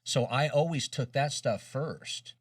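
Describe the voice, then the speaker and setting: A man co-hosting a casual chat, measured and emphatic, stuttering a little as he starts. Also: medium pitch, no room sound. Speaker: co-host. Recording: dry room, distant mic.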